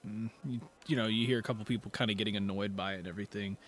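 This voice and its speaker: A man narrating as game master of a tabletop game, relaxed and full of fillers. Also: on the low side, very fast, slight background noise.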